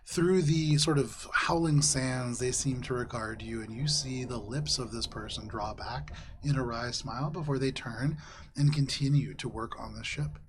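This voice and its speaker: A man's voice: mid-range voice, slight background noise. Man narrating as game master. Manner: descriptive, unhurried with hesitations. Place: live tabletop session with players around.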